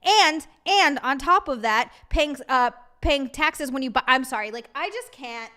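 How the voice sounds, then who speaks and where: Bright-voiced woman streamer ranting to chat. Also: high voice, animated, a little slow. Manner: ranting, reads chat aloud and greets viewers. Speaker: live streamer. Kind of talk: casual live-stream chat.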